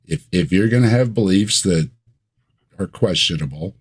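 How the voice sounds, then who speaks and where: A man who is a guest on a casual livestream chat, speaking in a wry, slow and deliberate way with dry asides. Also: sits low, lively intonation, breathy edge.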